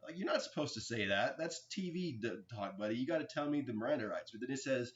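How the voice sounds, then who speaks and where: Halting, agitated man, lo-fi recording. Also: medium pitch, expressive. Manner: halting, with frequent restarts and fillers. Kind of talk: rambling personal account to camera. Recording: dull lo-fi recording.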